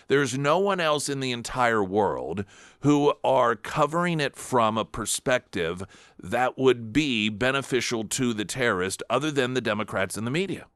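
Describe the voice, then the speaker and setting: A man's voice: medium pitch, fairly bright tone, no echo. A man hosting a talk radio show, delivering an emphatic, combative political monologue with sarcastic asides.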